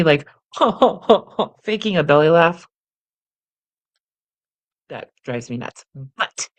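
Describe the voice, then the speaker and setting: A singing teacher hosts her show from a chair in her home studio, leading a somatic exercise lesson on camera while sitting low. She's playful and laughs often, demonstrating each exercise with vocal sounds.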